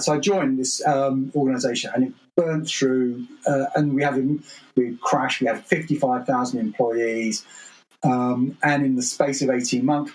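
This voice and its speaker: A man's voice: medium pitch, low-quality recording. Wry man telling anecdotes. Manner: wry, anecdotal, self-deprecating. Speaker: guest, author. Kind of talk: podcast interview storytelling.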